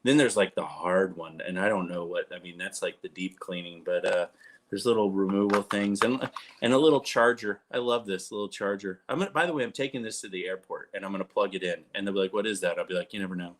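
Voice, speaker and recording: A man's voice: low-pitched, fast talker. A man in his thirties chatting casually to camera, rambling and poking fun at himself with frequent restarts. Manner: rambling, self-mocking, restarts often. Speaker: vlogger.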